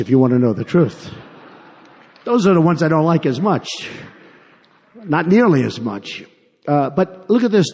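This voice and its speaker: Older man, rally speech, rambling, mocking asides, fairly high voice. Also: darkish tone. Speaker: political candidate at a rally. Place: large arena with a crowd. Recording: long hall reverb from a PA.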